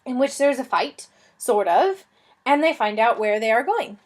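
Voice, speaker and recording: Lady reading a kids book aloud, lively and expressive, kinda high voice. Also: normal speed. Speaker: reader. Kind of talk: reading a children's novel aloud.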